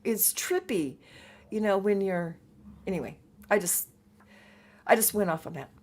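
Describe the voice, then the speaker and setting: A woman's voice: mid-range voice, unhurried, darkish tone. A woman co-hosting a casual livestream, talking in an easygoing, rambling, reflective way. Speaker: co-host.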